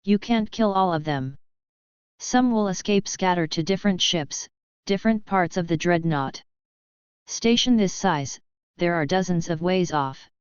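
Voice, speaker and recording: Thrawn, a woman reading a calm alien tactician. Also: lowish voice, clear, resonant tone, no room sound, lo-fi sound, lightly acted. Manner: measured, calm.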